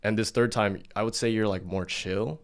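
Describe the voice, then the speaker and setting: A man's voice: on the low side, steady tone, moderate pace. A man hosts a podcast and presses his guest with blunt, doubting questions. He swears casually and pushes back on her answers. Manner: blunt, skeptical, swears freely. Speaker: podcast host.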